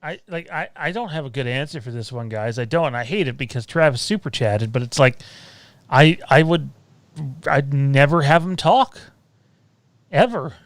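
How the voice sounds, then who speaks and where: Laughy rambling guy hosting a live chat, kinda high voice, dry close mic. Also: lively intonation, normal speed, no room sound. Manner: rambling, laughs often, restarts lines. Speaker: podcast host. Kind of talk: casual live-stream chat.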